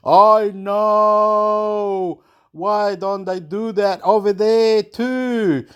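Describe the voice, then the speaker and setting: A man's voice: steady tone, very slow, smooth. A man putting on the voice of his distraught middle-aged mother, who wails the same protest over and over. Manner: shrill, repeated wailing protests.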